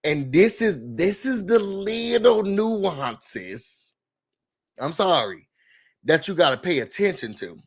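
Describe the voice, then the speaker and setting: A man with a notably high-pitched voice rants through a reality TV recap in a casual, sassy, animated way. He swears freely as he talks. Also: slow pace, vocal fry, slightly rough. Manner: animated, sassy, cursing, acts out quotes.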